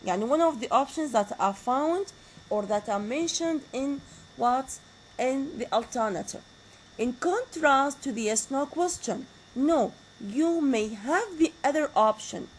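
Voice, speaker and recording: A woman's voice: high voice, expressive, a little slow, a little hiss or hum, poor audio. A woman with an Iraqi Arabic accent and Arabic as her first language, giving a university lecture and often asking the class questions and repeating key words. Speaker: teacher.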